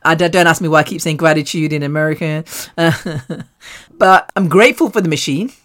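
A British woman hosts a solo podcast and talks straight to her listeners. Her voice sits on the low side for a woman. She rambles candidly, mocks herself and swears in passing. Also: a little fast, fairly bright tone. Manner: chatty, rambling and self-mocking, swears casually. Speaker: podcast host.

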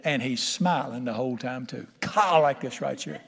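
A man's voice: mid-range voice, normal speed, vocal fry, fairly bright tone, big-room sound. A man preaching a sermon to a congregation in a church, folksy, humorous and conversational. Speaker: pastor.

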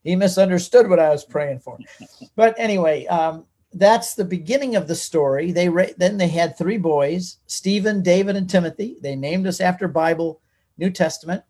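Talkative man with a higher voice. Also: moderate pace, breathy edge. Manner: animated and talkative, reciting from memory. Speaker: guest author. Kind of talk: personal storytelling in a conversation.

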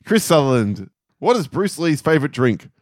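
A man's voice: a little high, sing-song, moderate pace, background noise. A middle-aged man, co-hosting a podcast and reading out listener jokes with frequent laughter. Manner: laughs often, swears casually. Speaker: podcast co-host. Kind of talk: casual chat, reading listener jokes aloud.

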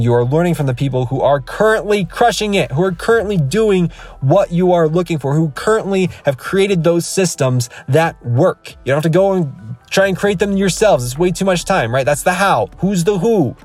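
A man's voice: on the high side, a little mellow, no echo. Emphatic man ranting from his car. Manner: emphatic, repetitive, rambling with restarts. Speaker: podcast host. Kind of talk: casual motivational rant. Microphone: iPhone.

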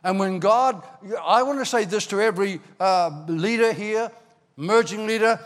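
An older man from Ireland, preaching a sermon as a pastor, telling stories with animated bursts into shouting. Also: high voice, normal speed. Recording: long hall reverb.

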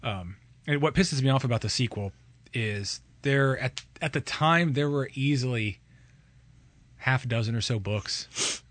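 Bright-voiced rambling podcast host. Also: male voice, medium pitch, unhurried, no room sound. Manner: rambling, with many fillers and restarts. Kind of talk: casual movie chat.

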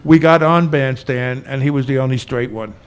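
A man's voice: mid-range voice, normal speed, heavy background noise. An older man in his seventies, a veteran bartender telling stories in a Q&A, chatty and joking with frequent laughs. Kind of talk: storytelling in a Q&A.

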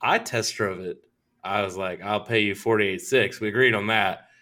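A young adult man tells a long, profane story to friends. His voice sits low yet rings bright and forceful. He acts out each person in the conversation with animated quoted lines. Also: normal speed. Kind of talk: casual storytelling with quoted dialogue.

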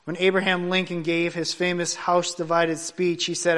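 A man preaching a sermon, building to loud emphatic points and dropping soft at the ends of thoughts. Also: high-pitched, flat delivery, normal speed. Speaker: pastor.

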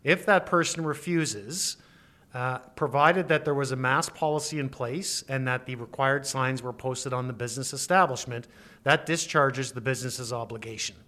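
A male lawyer explaining rules in an interview, speaking in a measured, precise and formal way. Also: medium pitch, bright, forceful tone. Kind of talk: expert interview.

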